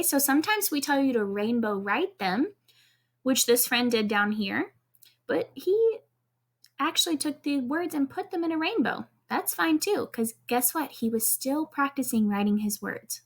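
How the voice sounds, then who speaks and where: Slow, bright-voiced kindergarten teacher woman. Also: high voice, lively intonation. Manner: encouraging, slow and clear, spells out letters one by one. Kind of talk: video lesson for young children.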